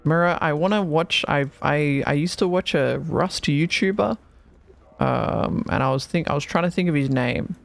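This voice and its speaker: A man streaming a game, chatting casually, excitable, swearing and laughing often. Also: a little high, normal speed, gravelly. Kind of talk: casual gaming chat. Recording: faint music behind.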